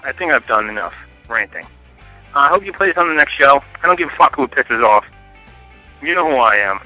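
Fast, ranting man on a voicemail. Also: mid-range voice, lively intonation, sharp tone, no room sound, soft background music, low-quality recording. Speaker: caller leaving a voicemail. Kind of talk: angry phone rant.

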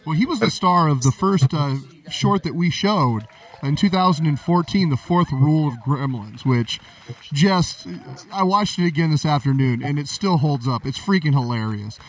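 A man's voice: on the high side, animated, normal speed, distant mic, rough recording. Enthusiastic man host, slightly off mic. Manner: enthusiastic, praising. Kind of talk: casual interview chat.

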